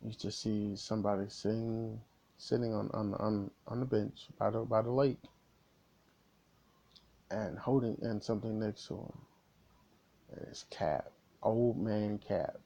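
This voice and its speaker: A man's voice: on the low side, fairly even intonation, unhurried, creaky, long pauses, dark tone. A man giving a casual spoiler recap of a movie, retelling scenes with lots of restarts and repeated words. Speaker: movie reviewer.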